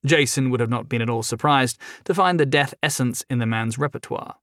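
A man's voice: mid-range voice, a little fast, fairly bright tone, no echo, clean studio sound. Man reading an audiobook. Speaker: narrator. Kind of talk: audiobook narration.

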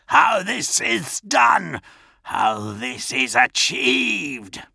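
A man voicing a towering, cadaverous male warlord who speaks in a slow, rasping death-rattle hiss. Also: mid-range voice, wildly swooping pitch, bright, forceful tone, no echo, studio quality, voice pushed up, exaggerated voice. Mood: demanding. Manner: slow, drawn-out menace.

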